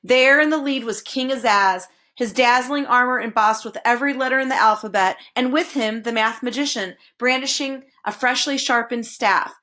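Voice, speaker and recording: A woman reading a children's novel aloud, expressive and slowing down on dramatic phrases. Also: fairly high pitch. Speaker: storybook reader.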